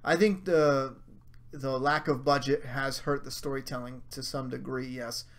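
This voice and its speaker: A man's voice: mid-range voice, fairly even intonation, a little slow. A man hosting a casual livestream, ranting with heavy swearing and mocking asides while he answers viewer chat. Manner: profane, heated rants with mocking asides.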